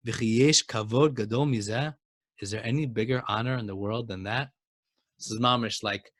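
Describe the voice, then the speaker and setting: A man teaching a Torah lesson and telling a story, speaking emphatically and building to excited exclamations. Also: medium pitch, no room sound, studio quality.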